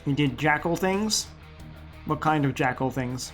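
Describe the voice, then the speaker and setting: A man's voice: fairly high pitch, unhurried, fairly bright tone, faint music behind. A man chatting casually with his live-stream chat, laid-back and swearing offhandedly.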